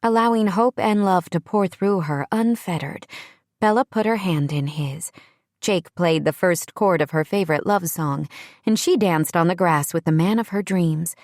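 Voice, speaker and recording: A woman narrating a romance audiobook in a measured storytelling manner on a close studio microphone. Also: lowish voice, a little mellow, no room sound. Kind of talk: scripted narration.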